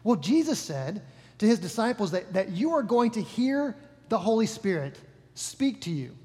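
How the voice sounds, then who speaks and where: Guy pastor with a pretty high voice, casual jokey sermon, lots of reverb from a big room. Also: big pitch swings, moderate pace, darkish tone. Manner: casual, joking, self-correcting. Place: church hall. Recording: long reverb of a large hall.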